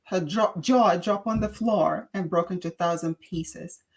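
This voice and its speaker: A woman from Russia with a Russian accent, chatting as a guest and telling stories in an emphatic, animated way. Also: lowish voice, a little slow, creaky. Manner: animated storyteller, emphatic, with filler restarts. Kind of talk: casual chat.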